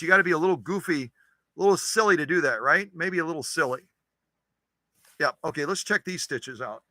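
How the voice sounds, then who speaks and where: A man's voice: a little high, lively intonation, fairly quick, sharp tone, no echo. A man hosting a sewing machine channel, demonstrating stitches in his workshop in a chatty, joking way. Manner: chatty, joking, talks to himself while working.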